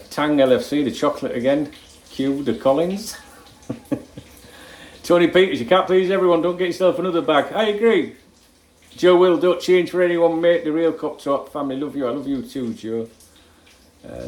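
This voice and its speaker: A man's voice: a little high, a little mellow, roomy sound, rough recording. An older man, casually reading out viewer comments in his kitchen, blunt and jokey with plenty of swearing. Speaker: football fan channel host. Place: home kitchen while cooking.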